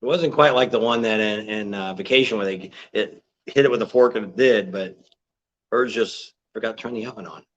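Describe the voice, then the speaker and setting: A man's voice: on the low side, brisk. An older man chatting casually on a livestream with his wife, joking, teasing and rambling on a dull, lo-fi recording. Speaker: co-host.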